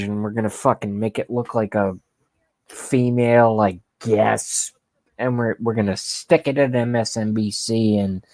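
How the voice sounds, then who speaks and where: A man ranting on camera in a comic, profane political tirade, swinging between loud outbursts and hushed whispers. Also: fairly low pitch, no room sound. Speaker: channel host ranting on camera. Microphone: webcam.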